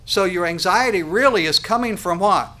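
A man preaching a sermon, emphatic and full of rhetorical questions, swinging from quiet to loud. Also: high-pitched, moderate pace. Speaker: pastor.

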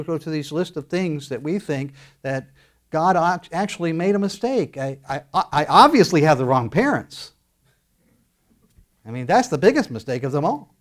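A man preaching a sermon, animated, acting out quoted voices as he goes. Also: on the high side. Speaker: pastor.

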